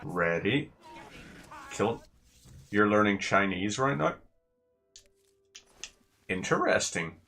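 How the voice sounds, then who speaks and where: A man's voice: fairly low pitch, lively intonation, slow, creaky, long pauses, bright, forceful tone, faint music behind. A man giving casual, sarcastic gameplay commentary with rambling asides.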